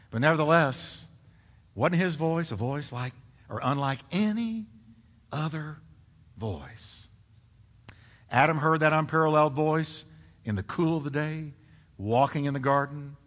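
A man preaching a sermon in a church, dramatic and emphatic, building to loud peaks and asking the congregation questions. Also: a little high, animated, normal speed, long reverb tail.

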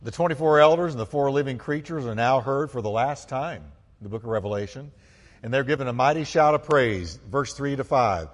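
A man preaches to his church with fervent conviction, his voice at a middle pitch that climbs into loud bursts of praise. He calls the congregation to join in. The sound carries a long reverb from the sanctuary. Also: brisk. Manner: fervent, rising to loud exclamations; asks the congregation to respond. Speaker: pastor. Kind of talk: sermon.

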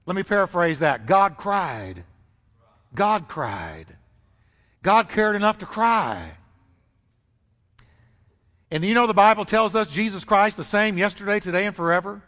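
A man preaching a sermon as pastor, emphatic and dramatic, repeating phrases and swinging his pitch for effect. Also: big pitch swings, unhurried, long pauses, pushed and bright. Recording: long reverb of a large hall.

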